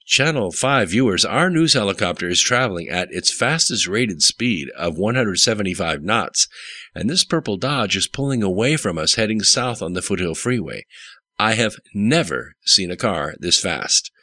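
A man's voice: fairly low pitch, animated, normal speed, pushed and bright, dry recording, heavily acted. A man voicing a bossy female TV news reporter with a commanding, broadcast-style delivery.

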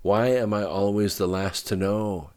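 An audiobook narrator voicing a woman woken in the night who turns sharp and rattled. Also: lowish voice, steady tone, measured pace, voice pushed up, natural voice. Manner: groggy then sharp and rattled. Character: woman, Bet, jolted awake into alarm. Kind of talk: audiobook character voice.

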